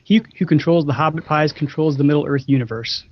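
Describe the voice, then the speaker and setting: A man's voice: a little high, brisk, no echo. Co-host, man, lighter voice, chatty reader, muffled call line. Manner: chatty, chuckles while reading. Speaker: podcast co-host. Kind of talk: casual podcast chat, reading quotes aloud. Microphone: online voice call. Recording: muffled dry online call audio.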